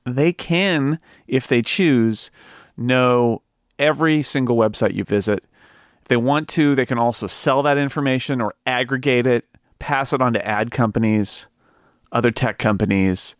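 A man's voice: mid-range voice, normal speed, no room sound, studio quality. A man hosting a podcast, reading an ad and chatting casually about a film. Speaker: podcast host. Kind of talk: casual film discussion and read ad.

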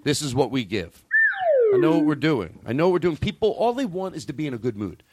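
Animated man riffing as a comedy host. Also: fairly high pitch, fast talker, heavy background noise. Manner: animated, jokey, swings into mock showman bravado. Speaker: podcast host. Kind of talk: casual comedic banter.

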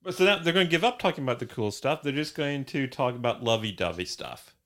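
A man co-hosting a podcast, talking about a film in a measured way, asking questions with dry humor. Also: mid-range voice, expressive, fairly bright tone. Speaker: podcast co-host. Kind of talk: casual film discussion podcast.

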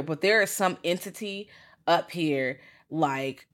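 Lively, profane woman podcast co-host. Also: sits low, slow. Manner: animated, profane, acts out her own reactions. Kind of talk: casual film review chat.

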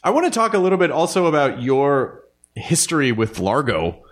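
A man hosting a podcast, chatting in an animated, rambling way. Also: a little high, normal speed. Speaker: podcast host. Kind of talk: casual conversation.

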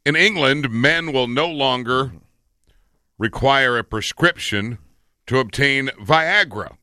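A man's voice: medium pitch, slow, pushed and bright, clear, resonant tone, no room sound. A man co-hosting a radio show, reading news items and adding dry quips.

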